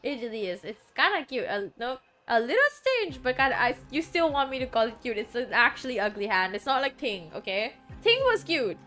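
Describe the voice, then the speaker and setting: A woman's voice: fairly high pitch, very animated, fairly quick, few pauses, bright, forceful tone, soft background music. A woman streamer giving casual, joking gameplay commentary, chatty and sometimes swearing.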